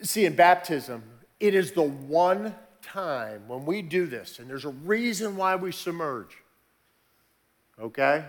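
Man, pastor, sermon, slightly high voice, conversational asides, builds to fervent emphasis. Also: expressive. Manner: builds from quiet, measured teaching to raised, emphatic preaching.

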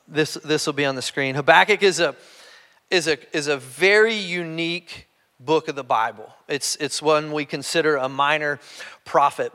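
High-voiced pastor in reverberant hall. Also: male voice, sharp tone. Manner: conversational, repeats words when restarting. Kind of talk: sermon.

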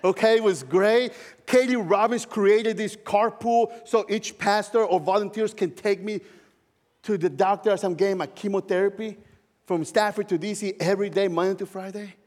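A male pastor preaching a sermon, telling a personal story in a heartfelt way with soft laughs. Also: high-pitched, steady tone, normal speed, big-room sound.

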